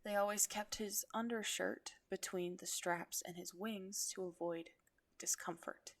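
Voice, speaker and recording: A woman reading fan fiction aloud on a stream, unhurried, breaking off to laugh at herself. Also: mid-range voice, steady tone.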